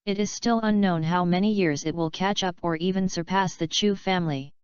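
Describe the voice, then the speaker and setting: A woman's voice: fairly low pitch, fairly quick, darkish tone, clean tone, no room sound, lightly acted. A woman voicing a scheming middle-aged father from a wealthy family, pushy and eager, in a dull lo-fi recording.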